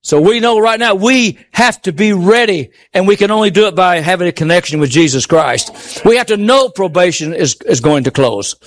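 Male preacher, high voice, emphatic sermon delivery, rhetorical questions to the pews, big swings from loud highs to hushed lows. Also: lively intonation, moderate pace. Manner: emphatic, swinging from high exclaims to low murmurs.

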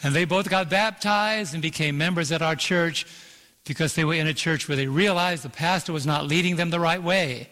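A pastor preaching a sermon in an auditorium, calling out to the congregation and drawing out key phrases. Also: male voice, fairly high pitch, bright, forceful tone. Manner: preaching with call-and-response and slowed emphasis. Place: large auditorium. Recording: long hall reverb.

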